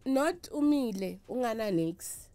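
Her voice is on the high side and dark in tone, animated yet measured in pace. A middle-aged South African traditional healer, she speaks candidly and emotionally in an interview, emphatic throughout, weaving Zulu and Sotho into her English.

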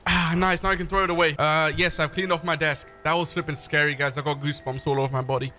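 Man, high voice, excitable, joking, gaming commentary, faint music behind. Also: fast talker. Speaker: gaming YouTuber. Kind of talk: let's-play commentary on a horror game. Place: his bedroom gaming setup.

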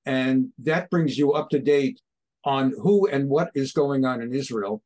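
A man, a rabbi speaking as a guest on an interview show, fiery and ranting, often rising to near shouts. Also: medium pitch, measured pace. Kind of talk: impassioned talk show interview.

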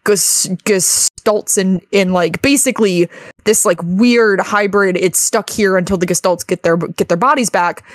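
A young woman in casual podcast chat, telling a game's story in an animated way, full of fillers and swearing. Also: mid-range voice, a little slow, dry recording, studio quality. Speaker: podcast co-host. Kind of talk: casual chat recapping a video game.

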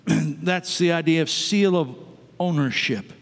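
A man's voice: fairly high pitch, slow, gravelly. A man preaching a sermon to his congregation, conversational, with asides to the people in the pews. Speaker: pastor. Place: church sanctuary. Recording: long reverb of a church sanctuary.

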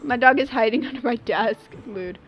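A woman's voice: on the high side, moderate pace, highs cut off. A woman in her twenties chatting casually and slangily as she streams a game. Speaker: live streamer. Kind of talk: casual chat while gaming on stream.

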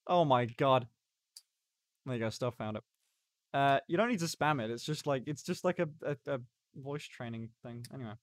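A man's voice: medium pitch, moderate pace, no echo. A young man chatting casually on a live stream, rambling and stopping and starting as he reacts to chat. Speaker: livestreamer.

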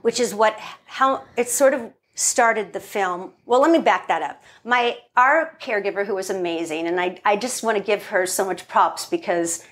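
A woman's voice: medium pitch, normal speed, few pauses, a bit bright. A woman, a guest filmmaker, tells family stories in a casual interview and acts out the quotes.

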